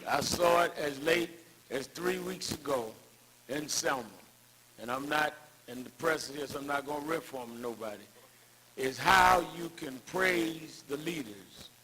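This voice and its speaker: A man's voice: fairly high pitch, creaky, bright, forceful tone, slight background noise, low-quality recording. An older man giving a rousing tribute speech at an event, building emphatic, preacher-like cadences around anecdotes. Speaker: speaker at a civil rights tribute.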